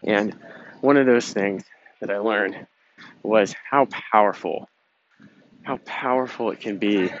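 Energetic young man hosting a podcast. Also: lowish voice. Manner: energetic, emphatic, casual swearing. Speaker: podcast host. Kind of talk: casual motivational monologue. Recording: dull lo-fi sound with faint noise.

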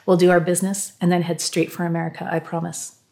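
A woman reading aloud, voicing a tired middle-aged American father whose voice grows weak and rasping. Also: fairly low pitch, level tone, fast, mellow. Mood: weary.

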